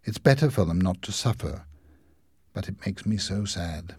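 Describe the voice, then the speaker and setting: A man voicing a kind, sorrowful little older man who speaks softly and mournfully in a storybook reading. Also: sits low, lively intonation, normal speed, husky, no room sound, clean studio sound. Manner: soft, mournful.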